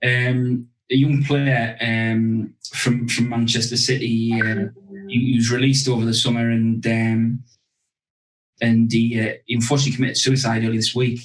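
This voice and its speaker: Flat-voiced man, distant mic. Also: medium pitch, soft background music. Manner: measured, hesitant with many ums. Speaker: podcast co-host. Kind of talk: casual chat.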